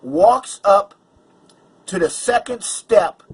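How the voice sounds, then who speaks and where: A man's voice: high voice, animated, takes it slowly, husky, rough recording. A man vlogger telling a personal story in an agitated, emphatic way, stumbling over restarts. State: angry and worked up.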